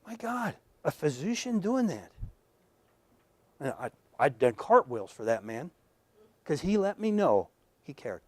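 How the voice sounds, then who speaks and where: A man gives a conversational lecture to a live audience at a professional workshop, speaking plainly and earnestly in a voice a little higher than most men's. He shares personal stories and swings from near-whispers to loud punchlines, and the room has no echo.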